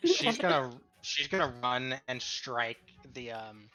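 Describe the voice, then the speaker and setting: A man's voice: medium pitch, very animated, slow, sharp tone, soft background music. Careful, apologetic man player. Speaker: tabletop game player. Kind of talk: casual play at the table.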